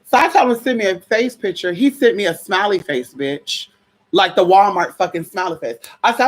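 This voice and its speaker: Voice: medium pitch, sing-song, brisk. A vlogger telling a story in a casual, profane, chatty way, calling viewers y'all, girl and honey.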